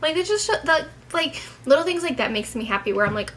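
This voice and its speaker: Bright chatty young woman vlogger. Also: high-pitched, expressive, a little fast, hardly any pauses, slight background noise, low-quality recording. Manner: chatty, rambling, candid, swears casually. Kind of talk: casual chat to camera.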